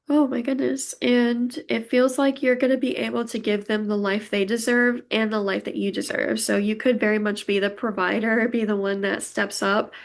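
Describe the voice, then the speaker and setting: A woman's voice: medium pitch, flat delivery, moderate pace. A young woman giving a pick-a-card tarot reading, emotional and gushing as she talks straight to her viewers. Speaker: tarot reader.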